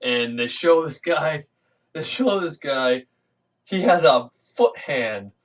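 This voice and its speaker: A man's voice: a little high, expressive, takes it slowly, distant mic, poor audio. Rambling man recapping a comic, off-mic. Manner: rambling, filler-heavy, acts out quotes in funny voices. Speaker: comic book reviewer. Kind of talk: casual retelling of a comic issue.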